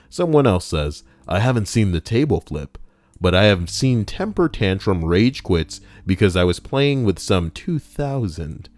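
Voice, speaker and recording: A man's voice: sits low, very animated, measured pace, a little mellow, no room sound. A man hosting a countdown list, reading it in a casual way with sarcastic, jokey asides. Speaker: host. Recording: faint background music.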